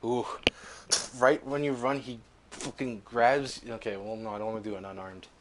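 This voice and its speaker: A man's voice: mid-range voice, level tone, moderate pace, background noise. A young man running a tabletop game as game master, narrating vividly, swearing freely and laughing between beats.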